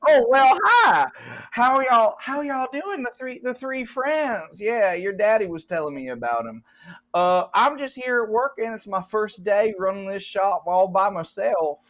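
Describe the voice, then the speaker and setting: A man's voice: high-pitched, animated, unhurried, a bit bright, pitched above the performer's own voice. A man voicing an eager, chatty young Southern man who runs a workshop, with a folksy drawl. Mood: eager friendly. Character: cheerful young Southern man, shop worker.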